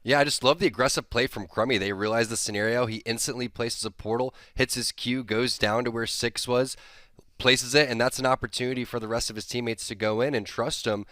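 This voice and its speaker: A man breaking down esports plays in a steady, explanatory way. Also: medium pitch, brisk, no room sound, clean studio sound. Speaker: esports analyst. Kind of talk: game analysis.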